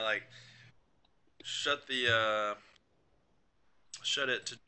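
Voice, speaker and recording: A man, running a tabletop game as game master in a halting, casual way full of fillers. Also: medium pitch, fairly even intonation, bright, forceful tone, smooth.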